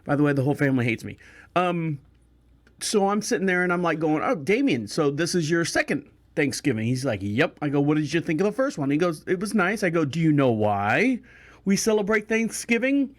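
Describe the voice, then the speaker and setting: A man's voice: on the high side, expressive, a little fast. Rambling man telling a holiday story. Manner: rambling, self-correcting, wry storyteller. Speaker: podcast host. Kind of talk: casual storytelling.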